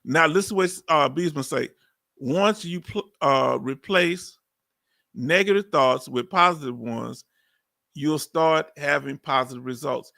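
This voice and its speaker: He speaks unhurriedly in a fairly high, pushed and bright voice with vocal fry. A veteran from Texas in his fifties, he hosts a casual live stream with a Southern accent, reading comments from viewers, laughing a lot, and drifting into chatty, drawled asides.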